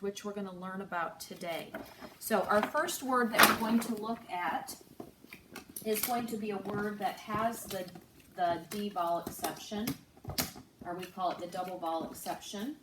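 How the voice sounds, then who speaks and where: A woman teaching a recorded phonics lesson to third graders, speaking slowly and clearly and drawing out each sound. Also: mid-range voice, heavy background noise. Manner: slow, clear, patient teacher talk with drawn-out sounds. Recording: echoey room, distant mic.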